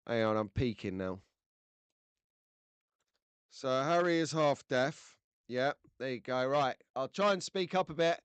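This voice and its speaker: This livestream host has a medium-pitched, clear and resonant voice with lively intonation, speaking slowly and pausing often. He jokes and rambles with lots of fillers while chatting to viewers and reading their comments, close to a desk microphone with no echo.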